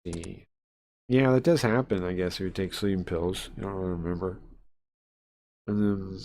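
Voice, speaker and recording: Low-voiced man reading a game aloud. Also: normal speed, darkish tone, slight background noise. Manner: casual and chatty, with many fillers and asides. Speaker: streamer playing a horror visual novel. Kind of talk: live let's-play, reading game text aloud.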